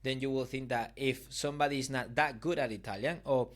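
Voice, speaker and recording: A man's voice: mid-range voice, a little fast. Man explaining ideas, checking in often. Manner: reasoning aloud, checks understanding often. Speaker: podcast host. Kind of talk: explanatory conversation.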